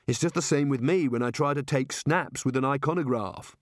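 A man's voice: mid-range voice, a little fast, dry recording, close to an everyday voice. Man playing a weary nervous male wizard, grumbling, rambling, dry close sound, storybook.

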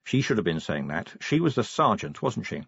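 A man narrating an audiobook with expressive storytelling and dramatic pauses. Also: fairly low pitch, vocal fry, slightly rough, no room sound. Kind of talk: scripted narration. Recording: dull lo-fi dry recording.

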